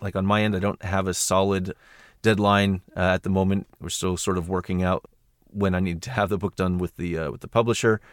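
An American man chatting casually on a podcast, his voice sitting on the low side. He rambles, stacking fillers and false starts as he thinks aloud. The sound is close and dry with no room around it. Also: little pitch movement, brisk, no echo. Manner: rambling, lots of fillers and restarts. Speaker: audiobook narrator guest.

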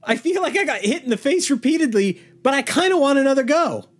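Podcast co-host, male, exasperated ranting reviewer with a lively, high voice. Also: quick pace. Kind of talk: casual movie-review chat.

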